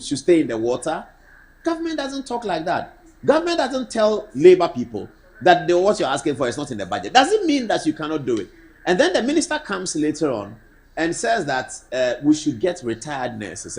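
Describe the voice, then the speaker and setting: A man with a Ghanaian accent hosting a political commentary show, talking to camera and swinging between raised, indignant emphasis and low, measured remarks. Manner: animated, rising to indignant emphasis then dropping low.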